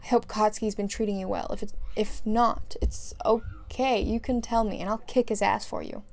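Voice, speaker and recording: A woman reading a story aloud and voicing a brash, loud middle-aged mother who gushes over the children and scolds her son. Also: mid-range voice, fairly even intonation, normal speed, natural voice. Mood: gushing. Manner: sing-song and scolding by turns.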